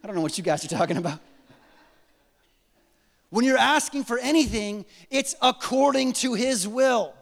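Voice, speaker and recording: A pastor in his forties with a high voice delivers a lively sermon, acting out prayers in different voices and slipping in joking asides. His voice rings with the long reverb of a large hall. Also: moderate pace, gravelly, long pauses.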